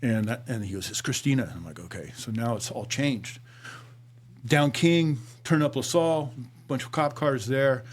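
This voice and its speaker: A middle-aged man, a former police officer, telling his story to a podcast host, acting out dialogue and sinking low and quiet at grave moments. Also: moderate pace. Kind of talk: conversational storytelling.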